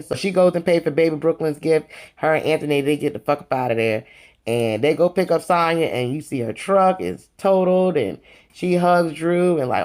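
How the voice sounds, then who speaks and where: Chatty, sassy reality-TV recapper. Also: moderate pace. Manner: chatty and sassy, addresses viewers as "you guys" and "honey"; lively, swings between excited highs and low asides. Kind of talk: casual gossip recap.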